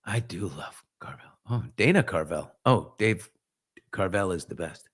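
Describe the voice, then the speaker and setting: A man's voice: low voice, animated, measured pace, breathy edge. A man in his fifties from New York, hosting a casual live chat and answering viewers, rambling and self-reflective with joking asides. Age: 50s. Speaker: host.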